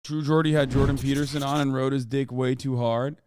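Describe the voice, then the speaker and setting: A man's voice: medium pitch, level tone, a little fast, darkish tone, no room sound. A man streaming live, reacting casually on a close mic in a profane, incredulous, off-the-cuff way.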